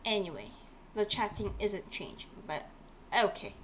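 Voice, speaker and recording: A woman's voice: mid-range voice, sing-song, normal speed, fairly bright tone. A woman runs a live-streamed language class, drilling each word again and again. She talks animatedly and chats with her viewers. A faint hiss sits under her voice. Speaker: Korean language teacher.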